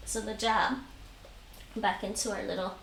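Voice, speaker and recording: Her medium-pitched voice is gravelly and a bit bright, level in tone and measured in pace, as she teaches taekwondo over a live stream. It's a home exercise lesson where she patiently repeats instructions and counts reps out loud. Roomy echo, a distant mic, and faint noise mark the recording.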